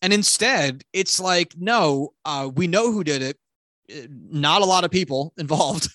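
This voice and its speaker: Animated, rambling man reviewing a movie. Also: a little high, unhurried, no room sound. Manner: rambling, profane, animated retelling. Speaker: podcast co-host. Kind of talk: casual movie review chat.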